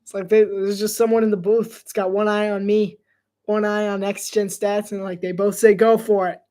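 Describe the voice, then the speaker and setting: A man's voice: sits high, flat delivery, moderate pace, mellow. A man doing casual live play-by-play commentary on his own, chatty and self-deprecating and laughing often. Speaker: solo sports commentator.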